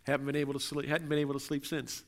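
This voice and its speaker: A man's voice: medium pitch, monotone, very fast. A middle-aged man preaching a sermon as pastor, earnest and building through repeated questions. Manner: earnest, repetitive rhetorical questions.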